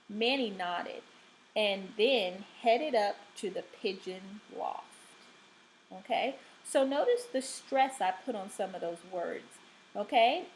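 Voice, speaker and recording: A woman teacher giving a recorded reading lesson, speaking deliberately and checking in often with the class. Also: a little high, a little hiss or hum, low-quality recording. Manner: slow, deliberate, checks in with frequent "okay?".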